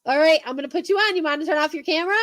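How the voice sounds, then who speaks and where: A woman's voice: high-pitched, racing, a bit bright, no room sound. A woman hosting a casual livestream, rambling with lots of ums and the odd swear word. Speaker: livestream host. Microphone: phone.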